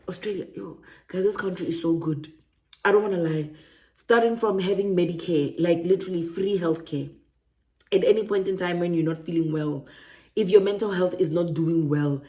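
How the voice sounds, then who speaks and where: A woman from Africa, talking excitedly in a casual vlog and laughing often. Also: medium pitch, moderate pace, creaky. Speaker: relocation vlogger. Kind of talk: casual enthusiastic vlog talk.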